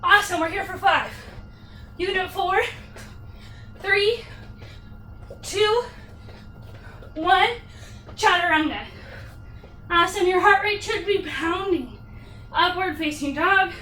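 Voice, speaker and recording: A woman's voice: very high voice, takes it slowly, pauses often, bright, forceful tone, roomy sound, distant mic, slight background noise. A woman leading a yoga workout class, counting reps and cheering people on with upbeat cues, getting out of breath. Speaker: yoga instructor.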